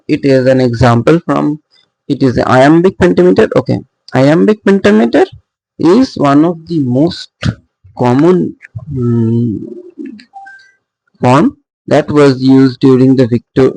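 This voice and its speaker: A man teaching poetic meter in a recorded lecture, explaining slowly with pauses and fillers as he works through examples. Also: medium pitch, gravelly, mellow, no echo, poor audio. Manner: slow, halting explanation with frequent fillers and restarts. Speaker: literature teacher.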